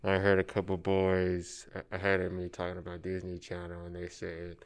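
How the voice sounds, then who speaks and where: A man's voice: low voice, completely flat delivery, normal speed, smooth. A man who is a guest on a podcast, chatting casually and giving short replies. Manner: mostly brief backchannel replies. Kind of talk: casual chat.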